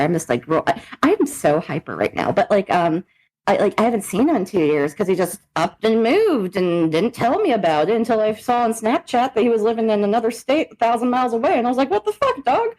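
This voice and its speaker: A woman's voice: mid-range voice, expressive, fairly quick, a little mellow, poor audio. A young adult woman co-hosting a podcast, chatting casually and laughing often, with lots of swearing. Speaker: podcast co-host. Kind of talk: casual chat.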